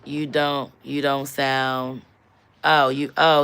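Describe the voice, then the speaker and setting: A woman comedian hosting a casual livestream, talking in an animated, loud and teasing way, full of slang. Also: extremely low pitch, takes it slowly, vocal fry, clean tone.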